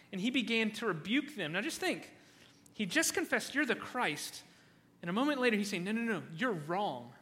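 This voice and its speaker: A male pastor with a high, bright voice preaching a sermon. He speaks emphatically and often stumbles and repeats words as he restarts. His voice carries a long reverb from the hall.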